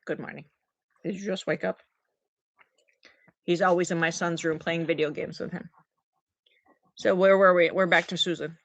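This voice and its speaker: A middle-aged woman vlogging, telling a personal story in an emotional, animated way to camera. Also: fairly low pitch, no echo. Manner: emotional, animated, talks to her dogs mid-story.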